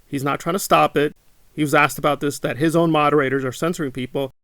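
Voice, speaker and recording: A man's voice: on the high side, steady tone, quick pace, creaky, a bit bright, no room sound. A man hosting his own channel, talking indignantly to camera, repeating his points and mocking his critics. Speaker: channel host. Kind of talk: monologue to camera.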